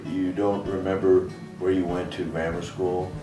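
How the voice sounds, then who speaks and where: A man's voice: sits low, level tone, normal speed. A man, her son, casually interviewing his mother and prompting her with questions, laughing easily. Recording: roomy, distant mic, music behind.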